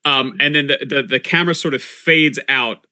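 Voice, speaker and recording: Man, game master, bright voice, cinematic narration, lots of ums and restarts. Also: medium pitch, moderate pace. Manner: cinematic scene narration with frequent fillers.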